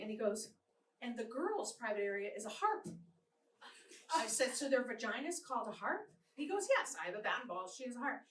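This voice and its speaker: Fifties woman comic, lively, high voice, echoey room with crowd laughing. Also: slight background noise. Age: 50s. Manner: animated storytelling with restarts and big punchlines. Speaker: stand-up comedian. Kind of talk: stand-up comedy set. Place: live comedy show venue. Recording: roomy live room, mic from a distance. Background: audience laughter.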